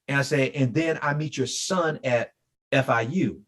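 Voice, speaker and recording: A middle-aged man, an interview guest, telling a personal story in an animated, emotional way and acting out quoted dialogue. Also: mid-range voice, normal speed. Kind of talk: conversational storytelling.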